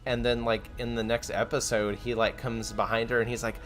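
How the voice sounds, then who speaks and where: A man's voice: medium pitch, level tone, brisk, fairly bright tone, soft background music. A young man streaming, chatting casually and rambling with frequent fillers, restarts and laughs. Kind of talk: casual chat.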